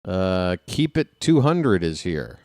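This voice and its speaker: A man streaming casual live baseball play-by-play, chatting with viewers and reading out their names between pitches. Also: big pitch swings, slow, a little mellow, no echo, studio quality. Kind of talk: live play-by-play with chat shout-outs.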